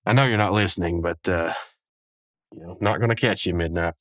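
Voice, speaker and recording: A man's voice: low-pitched, brisk, fairly bright tone, slight background noise. A man hosting a podcast, recapping an episode in a rambling, chuckling way with many asides. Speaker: podcast host.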